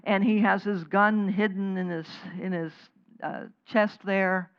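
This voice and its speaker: A woman minister delivers a sermon in a loose, conversational manner, wandering off on tangents and restarting sentences as she goes. Her pitch sits in a middling range. The recording sounds dull and lo-fi. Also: steady tone, measured pace, clean tone. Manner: conversational and digressive, with frequent restarts.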